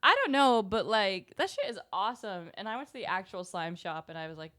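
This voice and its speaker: A woman's voice: mid-range voice, animated, brisk, a bit bright, no echo, clean studio sound. A woman co-hosting a casual podcast chat, candid and laughing, with casual swearing. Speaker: podcast co-host.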